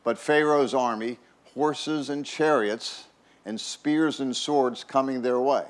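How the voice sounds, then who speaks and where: A man's voice: mid-range voice, slow. A man preaching a conversational sermon as a pastor, folksy and chatty, often repeating words and checking in with "right?".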